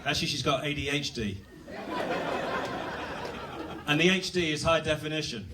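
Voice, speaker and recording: A man's voice: fairly high pitch, fast talker, recorded from a distance, background noise. A young British man doing a rambling, self-deprecating stand-up set at a comedy club. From Britain.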